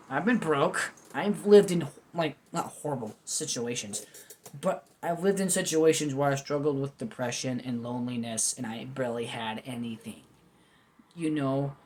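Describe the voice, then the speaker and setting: A man talking freely and without a script as he reviews food at home, wandering from topic to topic with candid, goofy asides. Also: a little high. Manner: rambling, candid, self-deprecating, goofy asides. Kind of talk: unscripted casual commentary.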